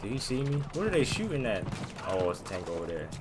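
Jokey gamer man with lively pitch. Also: fast talker, crowd noise. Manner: jokey, yelps and shouts at sudden moments, slangy. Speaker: gaming channel host. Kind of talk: excited live gameplay commentary. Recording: gunfire and game noise clearly behind.

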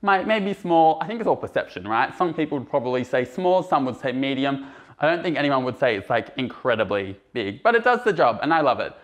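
A bubbly, chatty young man shows off his small apartment in a casual vlog filmed on a handheld camera, using lots of fillers. His medium-pitched voice is very animated and fairly quick, and he sounds a little out of breath.

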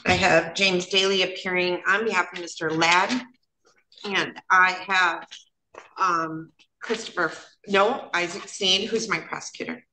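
A woman presiding as judge, talking in a relaxed, plain-spoken way with plenty of fillers. Her voice is bright and carries through a roomy courtroom with faint background noise. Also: on the low side, a little slow. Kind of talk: courtroom proceedings.

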